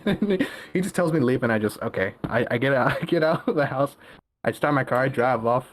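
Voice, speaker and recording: A man's voice: fairly high pitch, brisk. A young man telling a workplace story in casual chat, often laughing and restarting his sentences. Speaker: guest caller.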